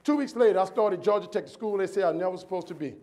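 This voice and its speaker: New guy in his 40s, high voice, preachy rhythmic speech that goes loud then hushed. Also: fast talker. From New Orleans, US. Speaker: keynote speaker. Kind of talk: motivational speech. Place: on stage at a convention.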